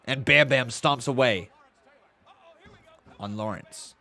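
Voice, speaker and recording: A man's voice: medium pitch, slow pace, vocal fry, pushed and bright. A man in his twenties chatting on a live stream, reading chat aloud and calling play-by-play, a little tired and yawning. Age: 20s. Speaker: watch-along streamer.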